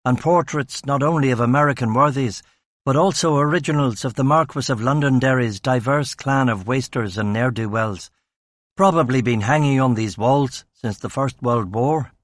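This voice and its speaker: A man's voice: medium pitch, normal speed, dry recording. A man narrating a crime novel in first person, with a dry, sardonic delivery. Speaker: audiobook narrator.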